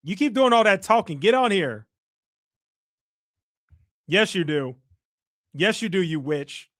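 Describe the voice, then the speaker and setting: High-voiced taunting man streaming. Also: expressive, slow pace, a bit bright, no echo, studio quality. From United States. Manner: teasing, mocking, taunting. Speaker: livestream host. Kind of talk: casual livestream chat, reading the chat.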